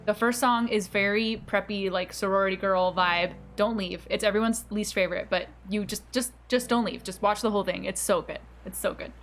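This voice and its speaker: A woman's voice: medium pitch, steady tone, a little fast, few pauses, faint music behind. A woman streamer chatting casually and bubbly with her viewers, laughing often and teasing herself. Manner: bubbly, giggly, self-teasing, reacting to chat. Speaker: game streamer.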